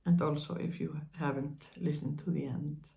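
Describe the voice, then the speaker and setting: A woman hosting her own spiritual channel, speaking in a gentle, halting monologue with many pauses and fillers, offering tender reassurance to her listeners. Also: low voice, steady tone, creaky.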